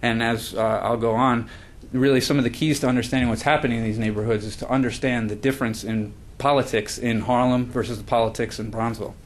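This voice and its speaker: A man's voice: medium pitch, fairly even intonation, fast. A man, as the author, giving a book talk at a launch event, earnest, with frequent fillers and restarts. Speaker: author presenting his book.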